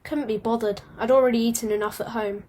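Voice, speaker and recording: A chatty young tomcat from a storybook, voiced by a woman, his voice pitched up high and bright. He fires off quick, eager questions and does not sit still. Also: steady tone, lightly acted. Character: chatty, excitable young male house cat.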